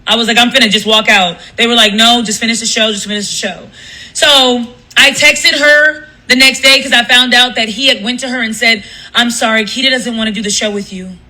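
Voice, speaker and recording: A woman's voice: on the high side, fairly even intonation, fairly quick, pushed and bright, low-quality recording. A woman, a radio host, telling a story on a casual livestream. She talks in an emphatic, profane way and restarts her sentences often. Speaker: radio host and live streamer.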